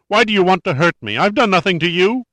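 A man voicing a terrified man who pleads frantically in a high, near-screeching voice. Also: animated, normal speed, bright, forceful tone, dry recording. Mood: frantic. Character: man feigning panicked, shrieking terror.

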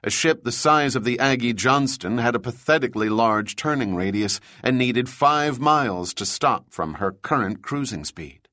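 Male narrator, steady measured reading, mid pitch, dry close-miked sound. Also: no room sound. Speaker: audiobook narrator. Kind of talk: scripted narration.

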